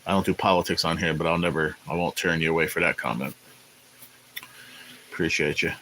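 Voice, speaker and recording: A man hosting a casual live stream, rambling in a laid-back way and greeting viewers by name, sounding tired and low on energy. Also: fairly even intonation, brisk, pushed and bright, slight background noise, rough recording. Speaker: livestream host. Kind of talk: casual livestream chat.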